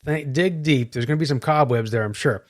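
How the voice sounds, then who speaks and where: A man co-hosting a Christian podcast, speaking earnestly and reflectively, slowing down on key points. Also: medium pitch. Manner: earnest, reflective, slow emphasis. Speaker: podcast co-host, Christian minister. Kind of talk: casual chat.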